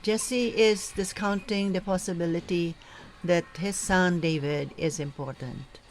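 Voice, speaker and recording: Slow, careful woman reading coach. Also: lowish voice, fairly even intonation, a little mellow, poor audio. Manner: slow, careful, enunciating pronunciations. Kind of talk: instructional talk on proclaiming scripture.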